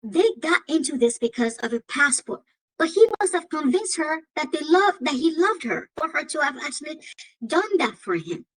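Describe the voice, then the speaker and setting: A woman's voice: sits high, very animated, normal speed, low-quality recording. A woman with an African accent hosting a commentary vlog, emphatic and given to repeating phrases and exclaiming. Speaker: host.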